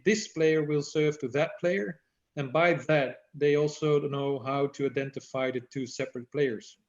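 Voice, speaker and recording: A man giving an online workshop for badminton umpires, explaining and demonstrating how to use the voice. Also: a little high. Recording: echoey, dull lo-fi audio.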